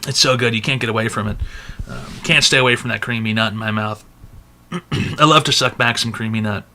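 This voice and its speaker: A man's voice: mid-range voice, fairly quick, bright, forceful tone, a little hiss or hum. A man hosting an online advice show in casual livestream chat, blunt and full of crude jokes.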